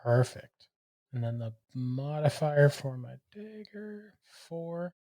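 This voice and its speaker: A man's voice: on the high side, animated, slow pace, mellow. A man playing in a tabletop game, checking the rules and eager to attack. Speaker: player. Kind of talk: tabletop game play, casual chat.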